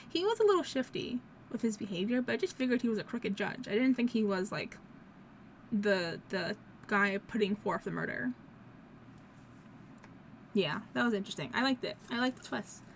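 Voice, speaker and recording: A woman's voice: fairly high pitch, slight background noise. A young woman gamer casually thinking aloud about a game she just finished, with a sore throat. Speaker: let's play gamer. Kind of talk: casual commentary.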